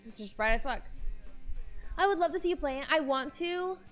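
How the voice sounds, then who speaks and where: High-voiced young girl streaming from her room, chatty and bubbly, some quiet music behind. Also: animated, brisk. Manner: bubbly, chatty, reads viewer names aloud. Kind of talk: casual live-stream chat.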